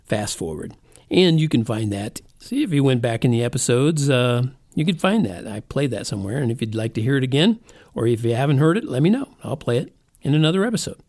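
A man's voice: mid-range voice, very animated, fairly quick, darkish tone. Rambling male podcast host, chatty. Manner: rambling, self-mocking, conversational. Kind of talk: casual monologue.

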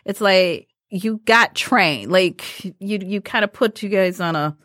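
A woman's voice: medium pitch, measured pace, no room sound, studio quality. A woman hosting a podcast and telling teaching stories in a casual chat, laughing often. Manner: laughs often, animated storytelling. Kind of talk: casual conversation.

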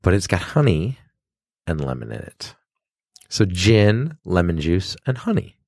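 A male bartender co-hosts a casual podcast on a close, dry mic. His voice sits on the low side but swings widely in pitch as he tells animated stories and acts out his customers. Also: unhurried, no room sound.

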